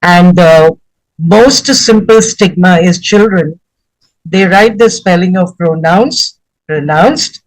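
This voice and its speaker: A man's voice: high voice, slow pace, dry recording, poor audio. Effusive man giving formal praise. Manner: effusive, elaborate formal wording. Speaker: session participant giving feedback. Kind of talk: formal spoken review.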